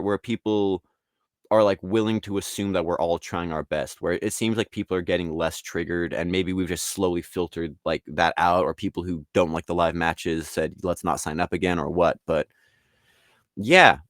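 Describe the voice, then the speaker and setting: A man's voice: sits low, moderate pace, no room sound, studio quality. A man guesting on an interview podcast, talking casually and rambling, acting out quotes from other people. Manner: rambling, animated, acts out quotes in voices. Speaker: guest artist and league founder.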